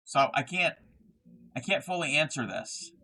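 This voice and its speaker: A young man chats through a home craft livestream, reading viewer messages aloud and wandering off into asides. His voice sits a little high and rings bright and forward. He trails off and restarts often, filling gaps with ums. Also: very animated, measured pace, creaky. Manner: rambling, reads chat aloud, trails off with fillers. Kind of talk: casual livestream chat.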